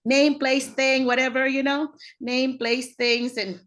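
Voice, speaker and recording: A woman leading a teacher-training roundtable on a video call, talking in a lively way and often laughing. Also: a little slow. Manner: animated, acts out teaching voices with big pitch jumps and frequent laughs.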